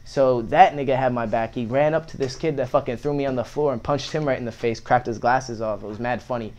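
A man's voice: mid-range voice, fairly quick, highs cut off. A young man telling a story in casual chat, swearing a lot and acting out the lines of the people in it. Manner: profane, animated, acts out quotes.

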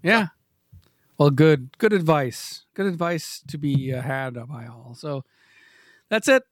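Podcast host, forties, rambling and self-deprecating, stammers restarts, slightly high voice. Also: male voice, expressive, slow, no room sound, studio quality. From New England. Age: 40s. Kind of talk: rambling comedic podcast chat.

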